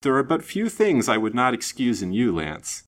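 A man reading aloud puts on a coquettish, scheming young lady from an old storybook, her voice lifted higher and louder than his own. She coaxes, pouts and turns plaintive, all with a practiced, theatrical air. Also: big pitch swings, moderate pace, lightly acted. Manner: coaxing and pettish, then plaintive. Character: vain scheming young woman, coquettish and tearful.

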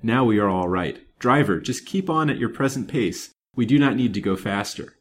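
A man voicing a confident detective in a brisk, firm, assured manner. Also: fairly low pitch, lively intonation.

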